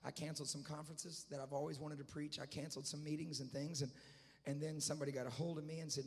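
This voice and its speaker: A man with a gravelly, slightly high voice preaches a sermon as a traveling evangelist. He drops to near-whispered storytelling, then climbs to loud, shouted peaks. The sound carries a long reverb, as in a large church. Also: steady tone, quick pace. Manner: swings from quiet storytelling to loud shouted climaxes. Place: church sanctuary.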